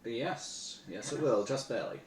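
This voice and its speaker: A man's voice: medium pitch, normal speed, distant mic. A man running a tabletop game as game master, easygoing in his rulings. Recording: echoey room, off-mic, faint background hiss.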